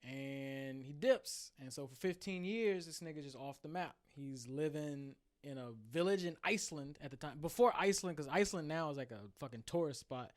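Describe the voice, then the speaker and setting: A man co-hosting a casual podcast, retelling a story in animated, slang-filled chat. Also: on the high side, moderate pace, hardly any pauses. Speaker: podcast co-host.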